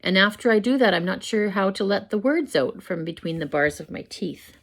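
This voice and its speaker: An older woman reading her own first-person story aloud at home, measured and expressive. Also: mid-range voice, vocal fry. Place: home, with a pet dog nearby.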